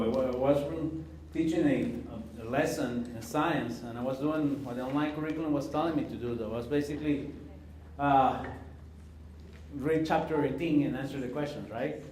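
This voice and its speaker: A man leads a teacher training session in a classroom, speaking casually and haltingly, with plenty of fillers and restarts. His voice is mellow and sits at a medium pitch. It is picked up from well across a very echoey room, with faint background noise. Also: distant mic.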